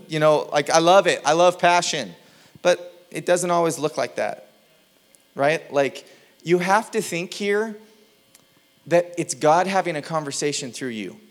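A male pastor preaches a sermon in a fairly high, easy, conversational voice. He's animated and keeps things light, now and then slipping into playful little impressions.

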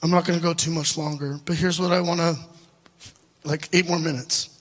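A man preaching a storytelling sermon, animated and laughing at his own asides, addressing the congregation directly. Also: fairly high pitch, fairly quick. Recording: live sermon with long hall reverb.

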